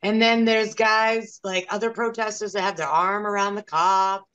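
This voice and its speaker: A woman's voice: medium pitch, steady tone, moderate pace, fairly bright tone, smooth, muffled recording. A young woman giving an interview, telling her story in an earnest, aggrieved way. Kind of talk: casual interview.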